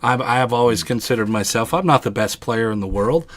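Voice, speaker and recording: A man's voice: mid-range voice, fairly quick. Man hosting a casual gaming podcast. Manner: rambling, animated storytelling with many restarts. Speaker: podcast host.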